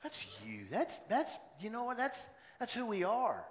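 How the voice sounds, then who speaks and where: A man preaching a sermon as pastor, moving between loud exhortation and hushed personal storytelling. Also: very high-pitched, huge pitch swings, normal speed. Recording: long hall reverb, faint room noise.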